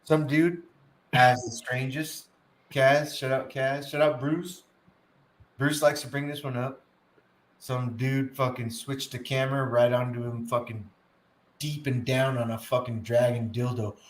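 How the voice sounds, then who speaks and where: A man's voice: medium pitch, steady tone, a little slow, roomy sound, a little hiss or hum. A man in crude, laughing casual banter, swearing freely and mimicking people he talks about. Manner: profane, laughing, mimics others. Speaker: co-host.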